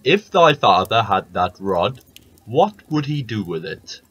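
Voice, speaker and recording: A man voicing a huge, wrathful old male giant in a storybook reading, slow and booming. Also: very animated, fairly bright tone, slightly rough, muffled recording, heavily acted. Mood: menacing.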